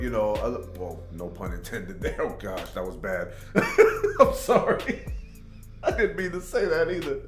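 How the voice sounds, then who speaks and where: A man's voice: on the low side, echoey room. A man hosting a reaction video, chatting casually and rambling, with "man" and "you know" in every other sentence. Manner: laid-back, rambling, says "man" and "you know" often.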